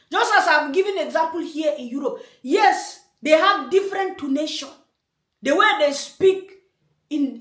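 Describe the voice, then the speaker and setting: A woman hosting a reaction video, speaking her mind in an emphatic, rambling, indignant way. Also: high-pitched. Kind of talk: casual commentary. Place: room in Germany. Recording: echoey room.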